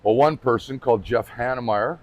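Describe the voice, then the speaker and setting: A man's voice: mid-range voice, a little fast, dry recording. A man presenting his company in a casual on-camera talk, informal and chatty, often restarting sentences and slipping in light jokes. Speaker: company representative presenting the brand.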